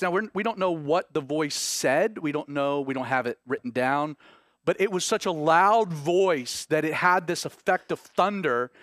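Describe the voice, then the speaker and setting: Dramatic Southern preacher, high-pitched voice. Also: male voice, no room sound, clean studio sound. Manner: dramatic, swings between hushed and rising urgency. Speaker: pastor. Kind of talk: sermon.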